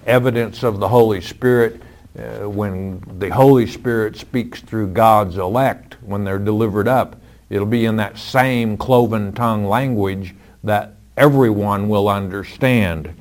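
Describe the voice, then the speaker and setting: A man with a lowish voice answers listener questions about scripture. He speaks very slowly and deliberately, firm and matter-of-fact, in a radio Bible teaching style. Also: a little mellow. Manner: slow, measured, firm and plain-spoken.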